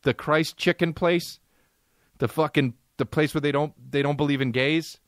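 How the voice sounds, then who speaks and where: A man's voice: on the high side, fairly even intonation, moderate pace, dry recording, studio quality. A man hosting a podcast, telling a comic story with a profane, exasperated, punchy delivery. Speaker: podcast host. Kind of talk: comedic storytelling monologue.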